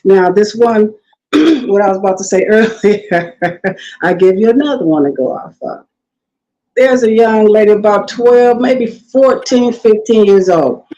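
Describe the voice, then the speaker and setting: Animated middle-aged woman telling stories. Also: mid-range voice, unhurried, dull audio. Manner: animated, acts out quotes, laughs often. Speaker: guest. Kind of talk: casual storytelling interview.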